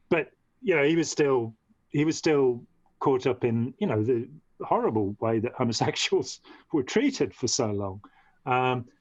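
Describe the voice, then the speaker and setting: His mid-range voice is a little mellow, and the recording has no echo, though the lo-fi audio sounds dull and dry. As a podcast guest and ex-member of a movement, he tells a long story in conversation, rambling, restarting and filling gaps with "you know."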